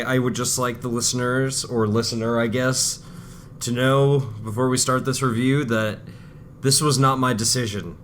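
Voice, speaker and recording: A man's voice: medium pitch, a bit bright, a little hiss or hum. A man hosting a casual podcast, joking and laughing often. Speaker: podcast host.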